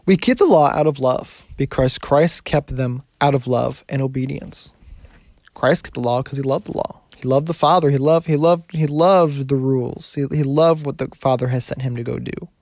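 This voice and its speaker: A man's voice: mid-range voice, creaky, a little mellow, no echo. A man teaching from the Bible in a casual sermon, talking conversationally and often restarting or correcting himself.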